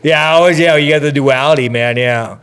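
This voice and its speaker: A man's voice: a little high, brisk, fairly bright tone. A man chatting bluntly on a podcast, swearing often and laughing a lot. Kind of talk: casual podcast chat.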